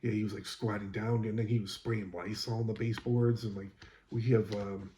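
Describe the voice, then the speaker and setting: A man's voice: lowish voice, flat delivery, a little fast, dark tone, slight background noise. A man who works as a school custodian, casually telling an exasperated, rambling story about a coworker, with lots of fillers.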